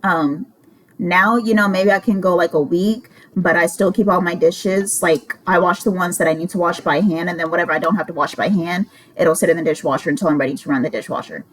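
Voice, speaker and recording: In a poorly recorded clip, a vlogger in her twenties tells a story about her roommate. Her voice sits a little low and moves a bit quickly, and she rambles casually, sounding exasperated and cursing freely.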